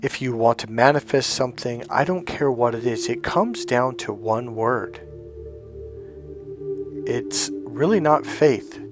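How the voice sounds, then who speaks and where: A man's voice: mid-range voice, measured pace, over music. A man giving a blunt, emphatic motivational monologue as a life coach, often acting out the voices he quotes.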